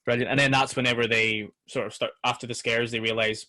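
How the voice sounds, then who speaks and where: A man's voice: fairly low pitch, little pitch movement, a little fast, pushed and bright. A Northern Irish man co-hosting a casual horror film chat, enthusiastic and swearing a lot. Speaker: podcast co-host.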